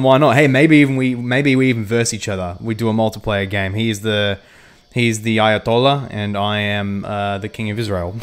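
A man's voice: lowish voice, steady tone, moderate pace, smooth. A man casually talking through a strategy game on a livestream, thinking aloud with frequent ums and reading chat messages aloud. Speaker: livestream gamer.

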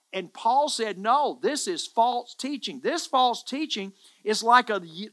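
Earnest bright-voiced preacher. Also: medium pitch. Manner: earnest, emphatic preaching with repeated phrases. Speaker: pastor. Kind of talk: sermon.

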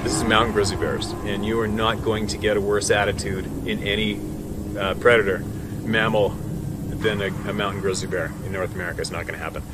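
A man who works as a hunting guide, telling a tense story about a grizzly in a casual, animated way, often laughing and acting out the scene. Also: on the low side, fairly quick, heavy background noise.

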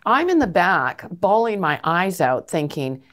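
A woman's voice: lowish voice, sing-song, measured pace, fairly bright tone. A middle-aged woman from Canada, an advocate answering interview questions with earnest, emphatic storytelling. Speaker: anti-trafficking advocate, guest.

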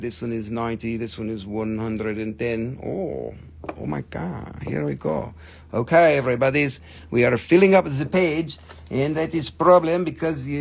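Gravelly joking man selling gems live. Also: fairly high pitch. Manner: chatty, joking, swears, non-native phrasing. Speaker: live sale host. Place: gem shop studio.

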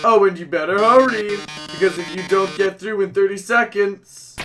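A man's voice: high-pitched, normal speed, sharp tone, pitched above the performer's own voice. A man voicing a flamboyant male robot TV host from a video game, melodramatic and gloating, with game music behind. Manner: melodramatic, mock-tragic, gloating. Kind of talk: reading game dialogue aloud in a voice.

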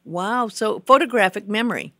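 A woman's voice: medium pitch, normal speed, a bit bright, dry recording, studio quality. An American woman hosting a talk show, effusive and full of exclamations as she interviews her guest. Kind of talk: casual interview.

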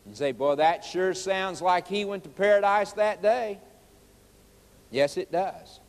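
A man's voice: high voice, lively intonation, unhurried, big-room sound. A man preaching a sermon, quoting scripture aloud and asking his listeners rhetorical questions with emphatic force. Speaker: evangelist.

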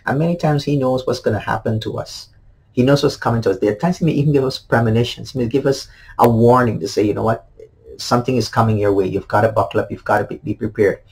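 A man's voice: mid-range voice, fast, vocal fry, a little mellow, husky, low-quality recording. A man, a pastor, giving a daily devotional sermon in an earnest way, repeating key phrases with many fillers.

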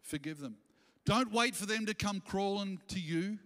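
A man delivers a sermon as pastor, his voice pitched high for a man. He preaches with animation and now and then acts out quoted lines in voices. The long reverb of a church auditorium trails after his words. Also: moderate pace, fairly bright tone.

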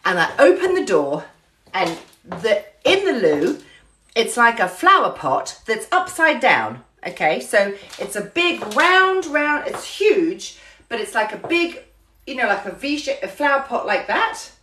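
A woman's voice: fairly high pitch, sing-song, unhurried, pushed and bright, slight background noise. A woman telling a story to her camera in a chatty, casual way, often repeating words and describing things with gestures. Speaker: vlogger.

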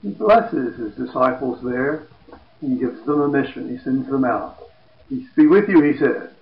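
A man retelling a Bible story as a lesson, in a plain storytelling voice that goes quiet for quoted speech. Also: mid-range voice, unhurried, vocal fry. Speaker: Bible teacher. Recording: echoey, dull lo-fi room.

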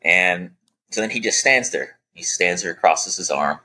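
This former Air Force special operator, a podcast guest, speaks in a low-pitched, breathy voice at a slightly slow pace. He tells a military training story casually and animatedly, acting out what others said with plenty of "you know" fillers.

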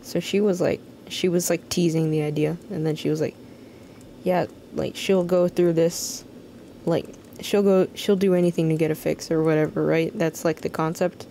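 A woman's voice: low voice, fairly even intonation, moderate pace, dark tone, a little hiss or hum. Chatty American woman streaming a game. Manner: rambling, chatty, swears freely, reads chat aloud. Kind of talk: casual live-stream commentary.

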